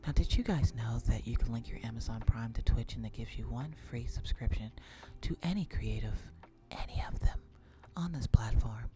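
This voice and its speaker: A woman's voice: rumbling low, moderate pace, few pauses, voice pushed down. A woman doing a teasing whispered role-play thank-you.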